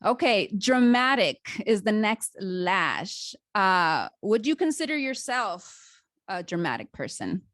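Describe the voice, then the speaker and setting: A woman's voice: mid-range voice, slow, no room sound. Dry, close-miked enthusiastic woman podcast host. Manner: enthusiastic, animated, laughs easily; self-described dramatic storyteller. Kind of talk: casual interview chat.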